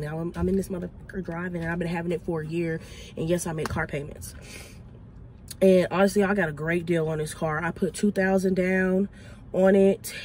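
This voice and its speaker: A young woman from Texas with a Southern accent, chatting quickly and excitedly to viewers from inside her car in a casual vlog. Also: fairly low pitch, a little hiss or hum. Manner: fast, excitable, chatty, addresses viewers as y'all. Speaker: vlogger. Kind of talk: casual vlog talk to camera.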